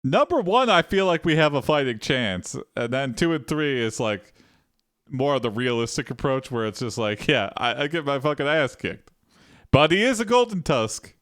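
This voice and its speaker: A man hosting a live stream of an interactive AI story, casual and crude, reading out his input slowly as he types. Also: mid-range voice, big pitch swings, a bit bright, no room sound, clean studio sound. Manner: drawn-out typing dictation, crude jokes.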